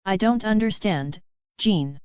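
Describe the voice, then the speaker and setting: A woman voicing a tense, hurt young man, a team leader who speaks slowly and deliberately. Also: mid-range voice, animated, a little mellow, clean tone, no room sound. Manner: slow, deliberate. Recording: dull, dry sound.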